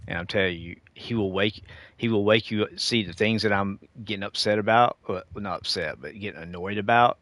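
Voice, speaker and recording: A middle-aged man with a very low voice delivers a preachy, lecturing rant to his viewers. He keeps calling them dude and y'all, and the recording sounds close and dry. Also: fairly quick, fairly bright tone, dry recording. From United States. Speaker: gaming streamer. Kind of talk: casual ranting monologue.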